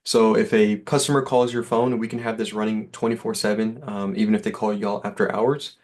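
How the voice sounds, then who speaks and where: A man's voice: on the low side, flat delivery, brisk, a little mellow. A man giving an easygoing, reassuring sales demo over a call, with lots of fillers. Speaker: software sales rep.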